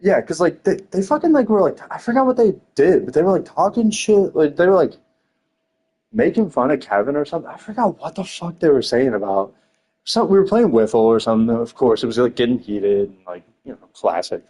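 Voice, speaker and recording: A man's voice: a little high, very animated, a little fast, warm tone, husky. A young man telling rambling stories in casual chat, laughing often, swearing and filling his talk with slang.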